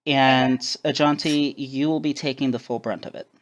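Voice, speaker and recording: A man narrating as game master of a tabletop game, pausing often with ums and uhs. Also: mid-range voice, fairly even intonation, background noise. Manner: hesitant, many ums and uhs.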